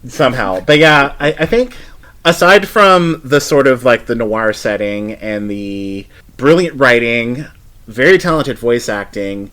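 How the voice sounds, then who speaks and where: A man in his thirties talks casually as a podcast guest. He rambles at a mid pitch, often restarting sentences and drifting into side comments. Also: lively intonation, a little slow, fairly bright tone, clean tone. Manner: rambling, with frequent restarts and hedging asides. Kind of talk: casual chat.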